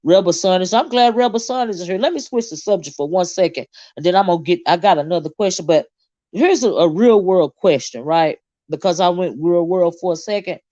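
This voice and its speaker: A woman's voice: on the low side, fairly quick, dry recording, muffled recording. A woman, hosting a casual livestream, reading viewer comments and ranting with lots of swearing. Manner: animated, indignant, swears freely, reads chat aloud. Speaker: livestream host.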